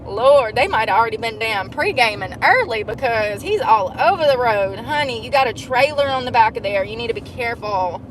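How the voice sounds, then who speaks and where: A woman's voice: fairly high pitch, expressive, fairly quick, few pauses, a little hiss or hum, poor audio. A woman chatting casually while driving, profane and laughing often. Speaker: vlogger. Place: car.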